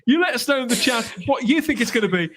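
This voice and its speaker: A man's voice: very high voice, expressive, fast, sharp tone, a little hiss or hum. A man hosting a live panel stream, chatty and upbeat, reading out the chat. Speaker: host.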